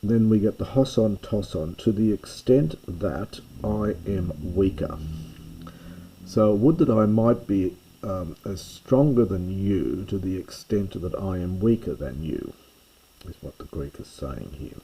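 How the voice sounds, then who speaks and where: A man teaching a slow line-by-line reading of ancient Greek, stopping with fillers and stressing each translation. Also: low voice, mellow, a little hiss or hum, low-quality recording. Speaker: classics teacher reading Homer.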